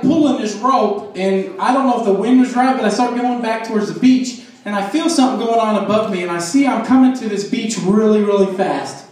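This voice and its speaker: A man doing a stand-up comedy set, telling crude stories and teasing the crowd. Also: high-pitched. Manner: crude storytelling with crowd work. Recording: echoey club from far off.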